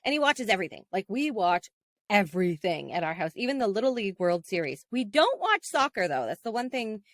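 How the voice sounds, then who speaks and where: A woman, co-hosting a podcast as a casual, animated storyteller who laughs often. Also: medium pitch, a little fast, no room sound. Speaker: podcast co-host. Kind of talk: casual chat.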